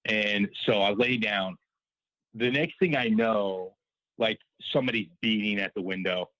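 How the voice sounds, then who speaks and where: A man's voice: on the low side, measured pace, fairly bright tone, dry recording, rough recording. A man calling in to a podcast, telling a long story in a rambling way, full of fillers and quoted exchanges. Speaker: caller. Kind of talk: casual storytelling on a call-in show.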